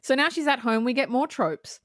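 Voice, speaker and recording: A woman co-hosting a casual movie review podcast, cursing freely, laughing often and acting out scenes in quick voices. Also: high-pitched, animated, a bit bright, no echo, studio quality. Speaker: podcast co-host.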